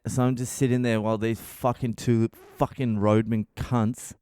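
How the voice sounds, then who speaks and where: A man hosting his own comedy podcast, telling a story in a blunt, animated monologue full of swearing. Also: lowish voice, moderate pace, few pauses, smooth, dry recording, studio quality.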